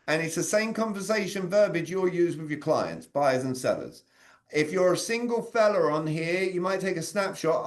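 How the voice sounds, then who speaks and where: A man, leading an interactive sales communication training over a video call and quizzing his audience. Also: high voice. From Britain. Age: 40s. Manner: energetic, quizzes the audience with quick questions.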